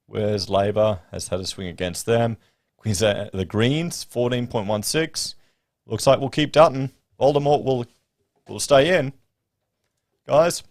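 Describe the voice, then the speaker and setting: A man's voice: medium pitch, unhurried, no room sound. An Australian man hosting a casual livestream, chatting and rambling to his viewers. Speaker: livestream host. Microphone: podcast studio mic. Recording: dry close-miked sound.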